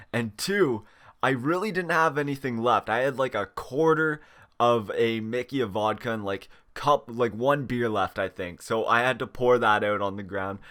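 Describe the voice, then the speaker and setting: A man's voice: medium pitch, a bit bright. A young man casually telling a storytime, swearing freely and chuckling as he goes. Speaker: channel host.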